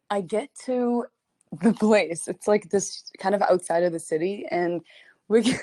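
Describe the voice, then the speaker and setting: A young adult woman talks to her fans on a livestream in a loose, animated storytelling style. She leans on "like" constantly and breaks into laughter between phrases. Her voice sits at an ordinary middle pitch. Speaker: singer chatting with fans.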